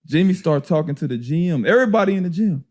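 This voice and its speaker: A man casually telling a story on a podcast, slangy and animated, often laughing. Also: a little high, quick pace. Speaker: podcast guest, former player.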